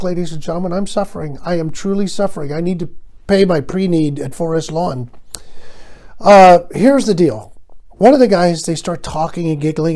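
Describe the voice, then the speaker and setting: An older man hosting his own show, telling a rambling, sardonic comic monologue that swings between loud bursts and quiet asides. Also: fairly high pitch. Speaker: host.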